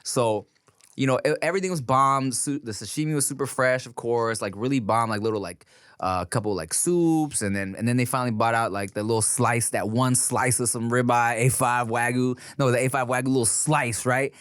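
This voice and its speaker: A man hosting a podcast, telling stories in casual chat, animated and profane, with plenty of fillers. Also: medium pitch, fairly quick, clear, resonant tone, dry recording, clean studio sound. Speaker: podcast host.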